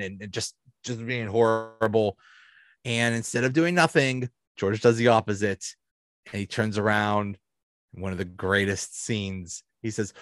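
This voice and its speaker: A man's voice: on the low side, a bit bright, no room sound. A man hosting a podcast, recapping a favorite episode enthusiastically and rambling with restarts. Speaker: podcast host. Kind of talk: casual episode review.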